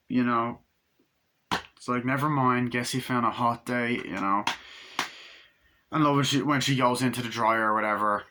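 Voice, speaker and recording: Man, casual movie reviewer, bright tone, excitable, swears freely. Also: mid-range voice, a little hiss or hum. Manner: excited, rambling, swears a lot, acts out scenes.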